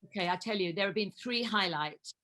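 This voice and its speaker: Older actress guest in her 70s, bright and chatty, storyteller who laughs easily. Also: mid-range voice, a little fast. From England. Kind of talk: casual chat.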